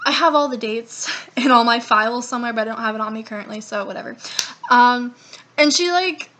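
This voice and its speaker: In a casual storytime vlog, a young woman talks to camera a little fast, her high-pitched voice bright and clear. Rambling through a long story from her own life, she swears liberally and lively voices each character's quoted words.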